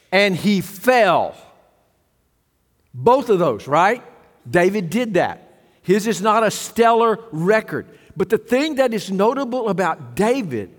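High-voiced man preaching in a reverberant hall. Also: lively intonation, slow pace. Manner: preaching with rhetorical questions to a congregation. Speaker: pastor. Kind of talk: sermon.

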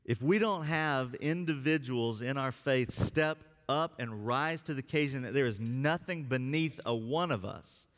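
A man preaching earnestly from a church stage, leaning on slow, drawn-out words to press his points home. His voice sits at a middle pitch, and each phrase rings on through the long reverb of a church hall. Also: a bit bright. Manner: earnest preaching, slows down for emphasis. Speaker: pastor. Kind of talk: sermon. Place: church sanctuary.

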